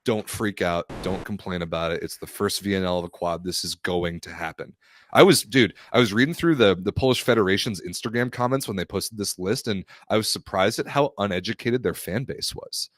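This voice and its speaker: A man's voice: low voice, fairly quick, fairly bright tone, no room sound, studio quality. A man co-hosting a casual sports podcast, blunt and scoffing in his opinions. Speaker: podcast co-host.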